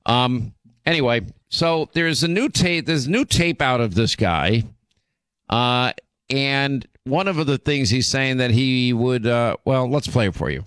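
A man's voice: mid-range voice, expressive, a little slow, a bit bright, clean tone, dry recording. Indignant male talk radio host, dry studio. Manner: indignant, emphatic, rambling with restarts.

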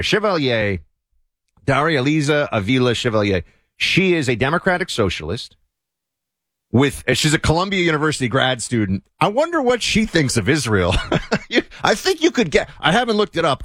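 A man's voice: medium pitch, fairly bright tone, no room sound, clean studio sound. A man hosting a talk show, giving sardonic, opinionated commentary that rambles with frequent restarts.

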